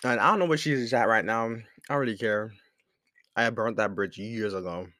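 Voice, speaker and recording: A man's voice: on the low side, moderate pace, sharp tone, dry recording, clean studio sound. A young man at home telling a casual, rambling story about a past friendship. He swears freely and laughs often in a laid-back way. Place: at home at a desk with a laptop.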